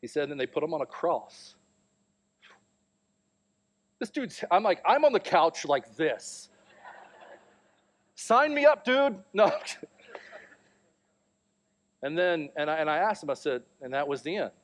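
A man's voice: a little high, a little slow, long pauses. A man in his thirties preaching a sermon, telling a family story and acting out the voices in it. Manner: storytelling, animated, acts out quotes. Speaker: pastor.

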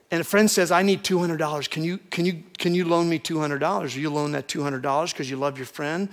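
A man preaching a sermon, earnest and emphatic, building points through repeated lists. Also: fairly high pitch.

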